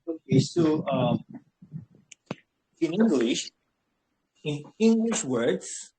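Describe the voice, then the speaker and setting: A man teaching an online English lesson on word stress, slowly repeating words and checking in with "all right". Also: on the high side, wildly swooping pitch, vocal fry, noisy background. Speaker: English tutor.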